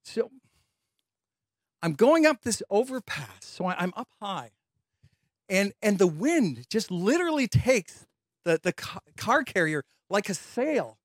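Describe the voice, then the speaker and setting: A man preaching a sermon as a lively storyteller, acting out quoted voices and laughing as he tells a personal story. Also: high voice, a little slow, no room sound, clean studio sound. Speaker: pastor.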